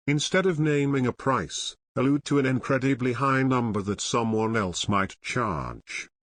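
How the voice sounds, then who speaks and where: A man's voice: mid-range voice, a bit bright, dry recording. Man reading a book summary, dry sound. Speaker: audiobook narrator. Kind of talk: scripted narration.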